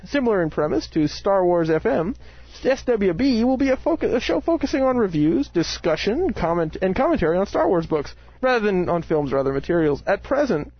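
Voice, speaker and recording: A man's voice: high-pitched, no room sound, dull audio. A man co-hosting a casual podcast from a small room at home, joking and giggling, sometimes reading items in a put-on announcer voice. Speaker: podcast co-host. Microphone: home mic with pillowcase tied over mouth.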